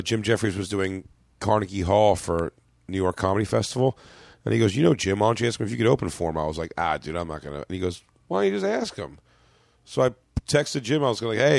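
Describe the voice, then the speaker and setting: Low voiced comedian dude rambling on a podcast, dry close sound. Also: male voice, quick pace, vocal fry, dry recording. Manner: rambling with fillers and restarts, excitable. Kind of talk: casual chat. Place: podcast studio.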